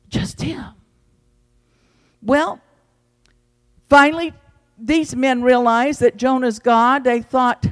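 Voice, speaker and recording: A man preaching an evening sermon in a church, swinging between loud calls and quiet, low passages. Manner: fervent preaching with big swings in pitch and loudness. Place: church sanctuary. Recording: long hall reverb.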